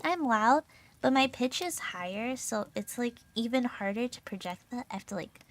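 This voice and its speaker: A young adult woman VTuber streamer in casual chat, bubbly and giggly with lots of filler words, her throat a little sore and strained. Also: on the high side.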